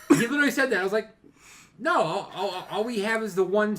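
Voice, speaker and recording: A young man co-hosting a casual podcast, ranting and telling stories in an animated way that swings from low mutters to loud bursts. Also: quick pace. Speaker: podcast co-host. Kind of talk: casual chat.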